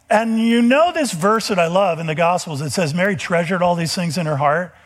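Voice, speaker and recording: A man preaching a sermon, retelling scripture stories with animated storytelling and quick acted-out dialogue. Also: sits high. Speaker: pastor.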